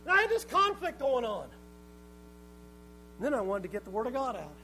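A middle-aged male pastor preaching a sermon in a church, swinging from quiet to shouted emphasis. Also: very high voice, animated, moderate pace, pauses often, slight background noise, rough recording. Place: church sanctuary.

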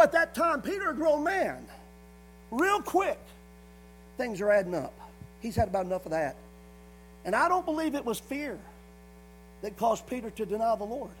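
A man's voice: extremely high pitch, a little hiss or hum, rough recording. A man preaching a sermon, hammering points through repetition and punctuating them with frequent calls of "amen". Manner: repetitive emphatic phrasing, frequent "amen" call-outs.

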